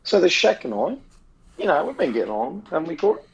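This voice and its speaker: An Australian man co-hosting a casual footy podcast, telling sweary, animated stories and mimicking his mates. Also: a little high, fast talker, gravelly, lo-fi sound, slight background noise. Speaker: podcast co-host.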